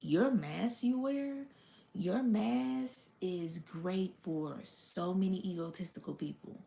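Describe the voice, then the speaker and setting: A woman's voice: fairly low pitch, takes it slowly, vocal fry, dark tone. A woman giving a casual spiritual reading to her audience, blunt and profane, sometimes dropping to a whisper. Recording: roomy echo.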